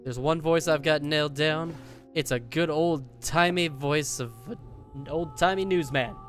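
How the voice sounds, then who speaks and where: Young guy cursing and joking through a scary game, slightly high voice, faint piano behind. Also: unhurried, a bit bright. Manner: profane, jokey, mock-tough. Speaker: gaming video host. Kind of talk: casual let's-play commentary. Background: faint game piano music.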